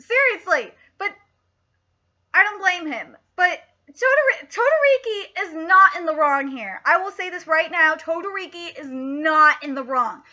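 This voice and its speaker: High, lively, lo-fi streamer woman. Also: unhurried. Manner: excitable, frequent swearing, laughs a lot. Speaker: manga reaction streamer. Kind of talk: live reaction commentary.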